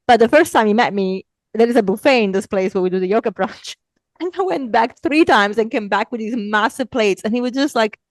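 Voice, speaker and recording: A woman's voice: a little high, lively intonation, a little fast, dry recording. Chatty woman podcast host, dry sound. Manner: chatty, agreeable. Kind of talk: casual interview chat.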